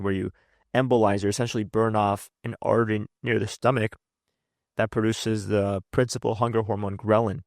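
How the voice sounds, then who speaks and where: A man in his late twenties telling his personal story in a casual, animated, rambling way, full of "like" and restarts. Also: lowish voice, vocal fry, no room sound, studio quality. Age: late 20s. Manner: animated, rambling, heavy use of "like". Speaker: health coach and channel host.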